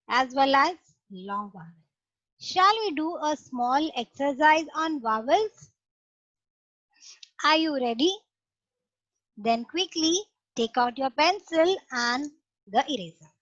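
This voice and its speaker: A woman teaching a young class online, explaining slowly and patiently step by step. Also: high-pitched, fairly bright tone, no echo. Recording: dull lo-fi online class audio.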